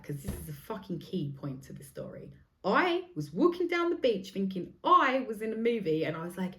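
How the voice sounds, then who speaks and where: Woman in her 30s, podcast host telling a wild story, chatty and sweary, laughs a lot, middle pitch. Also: normal speed. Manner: animated, swears freely, laughs mid-story. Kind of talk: casual storytelling monologue.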